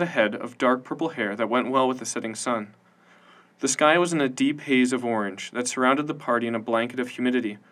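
A man narrating a science-fiction audiobook in an even, measured storytelling manner. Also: medium pitch.

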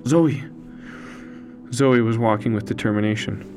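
A man narrating a story in the first person, in a slow, solemn, hushed way. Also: lowish voice, fairly even intonation. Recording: faint music underneath.

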